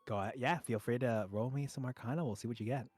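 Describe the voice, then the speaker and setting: A man's voice: mid-range voice, quick pace, darkish tone, husky, no echo, soft background music. A man running a tabletop game as game master, upbeat and full of fillers.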